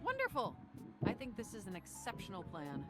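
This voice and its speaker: An actress playing a stilted, overly formal female partner, heard over loud game music. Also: mid-range voice, wildly swooping pitch, moderate pace. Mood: cheerfully formal.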